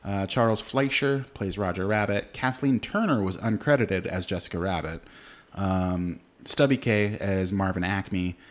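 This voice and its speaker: A man's voice: sits low, a little slow. A man co-hosting a movie podcast, talking loosely with frequent fillers and swearing. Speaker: podcast co-host. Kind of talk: casual chat.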